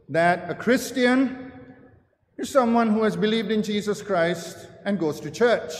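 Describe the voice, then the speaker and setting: A man with a high voice preaches slowly and deliberately, hammering his points home through repetition. His words ring out with the long reverb of a church hall. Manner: emphatic, builds through repeated phrases. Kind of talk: sermon. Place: church sanctuary.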